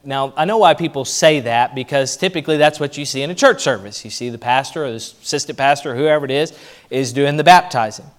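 A man preaching a sermon as pastor, emphatic, his voice rising and falling in loudness. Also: mid-range voice, quick pace.

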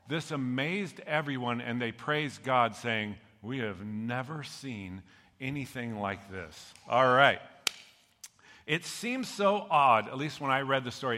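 A male pastor preaching a sermon with a bright, forward voice. He tells the story with animated energy and acts out the voices of its characters. His voice rings with the long reverb of a large hall. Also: medium pitch.

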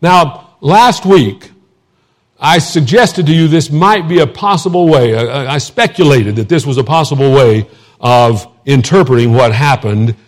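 A man with a Texas accent preaching a sermon, reading scripture slowly and adding relaxed, joking asides. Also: mid-range voice. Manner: conversational, asides and self-deprecating humor; reads scripture slowly and deliberately.

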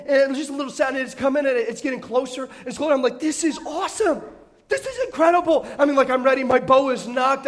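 A middle-aged man, a pastor, preaching with humorous personal stories and self-deprecating jokes, often restarting his phrases. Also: very high-pitched. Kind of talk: storytelling sermon.

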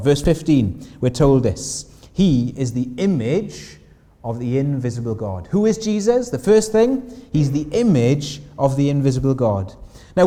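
A man's voice: mid-range voice, dark tone, long reverb tail. A man preaching a sermon in church, earnestly asking his listeners questions. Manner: earnest, asks the congregation questions.

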